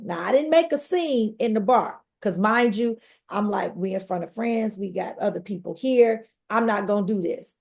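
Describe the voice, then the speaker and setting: A woman, a podcast guest telling her personal story in a lively conversational way. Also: mid-range voice, gravelly. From Detroit. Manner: animated, conversational storytelling with acted-out quotes.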